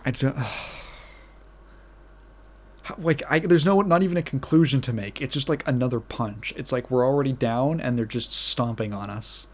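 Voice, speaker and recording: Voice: medium pitch, moderate pace. A podcast host ranting in casual commentary, exasperated and profane, often restarting and trailing off mid-phrase.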